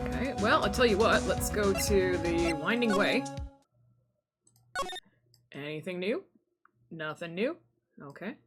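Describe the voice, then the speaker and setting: A woman streaming a game playthrough, reading the dialogue aloud with playful, swearing asides. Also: medium pitch. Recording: game music loud in the mix.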